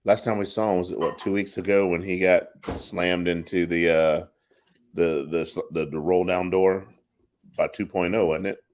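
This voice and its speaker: A man's voice: deep voice, steady tone, moderate pace, a little mellow, a little hiss or hum. A man co-hosting a casual wrestling chat, hesitant and prone to repeating himself. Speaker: co-host.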